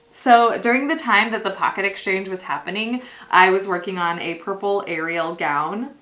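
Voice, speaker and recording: A woman vlogging casually as she unboxes a gift, gushing and excitable, chatting with lots of fillers. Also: mid-range voice, normal speed. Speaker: costuming vlogger.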